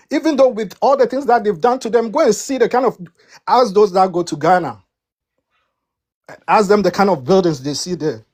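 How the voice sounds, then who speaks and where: Defiant African-accented woman debater. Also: medium pitch. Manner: defiant, stammering restarts, repeats "listen" and "right". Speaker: debate panelist. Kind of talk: heated live debate.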